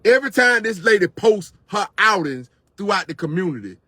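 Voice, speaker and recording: Guy going off on camera, fairly high voice, heated and repeating himself, dry close sound. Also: very animated, brisk, sharp tone, no room sound. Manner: impassioned, repetitive, venting. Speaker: vlogger. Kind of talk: direct-to-camera rant.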